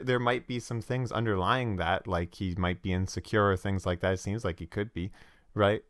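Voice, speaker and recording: Man podcast host, casual game chat, rambling, lots of filler, low voice, dry close sound. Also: a bit bright, clear, resonant tone, dry recording. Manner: rambling, frequent restarts and filler. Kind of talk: casual chat about tabletop games.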